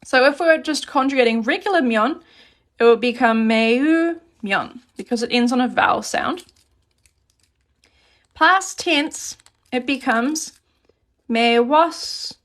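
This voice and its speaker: A woman teaching a relaxed, chatty live grammar lesson and reading out questions from chat as she writes on paper at her desk. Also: sits high, normal speed, pauses often. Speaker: Korean language teacher.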